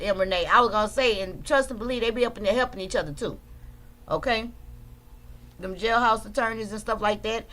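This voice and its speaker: A woman's voice: medium pitch, a little fast, sharp tone. A woman streaming live, casually commenting on a court case to her viewers in an emphatic, talkative manner. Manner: chatty, emphatic, addresses viewers as y'all.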